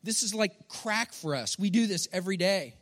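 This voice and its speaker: A man's voice: high voice, animated, normal speed, a bit bright. A man, a pastor giving a conversational, humorous sermon that keeps checking in with the crowd.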